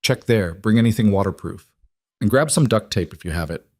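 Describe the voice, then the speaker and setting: A man voicing a calm, steady single dad. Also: fairly low pitch, fairly quick, no echo. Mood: urgent. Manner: calm, reassuring, practical.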